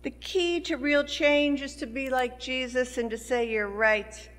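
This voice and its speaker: A woman pastor delivering a sermon in a church, preaching in a slow, measured way and building emphasis on key words. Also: high-pitched. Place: church sanctuary. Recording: long church hall reverb.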